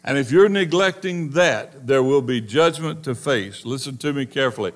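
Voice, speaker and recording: Male pastor, mid-range voice, emphatic sermon delivery that drops to slow hushed passages. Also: medium pitch. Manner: emphatic, addresses the congregation directly.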